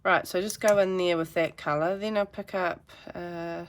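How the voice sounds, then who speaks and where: A woman's voice: lowish voice, steady tone, moderate pace. A woman giving a chatty, rambling painting tutorial with self-deprecating asides. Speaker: art teacher.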